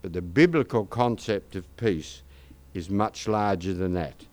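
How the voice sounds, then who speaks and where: A man's voice: low-pitched, measured pace, darkish tone. An older Australian man giving a conversational sermon, with anecdotes and asides to the congregation. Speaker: pastor.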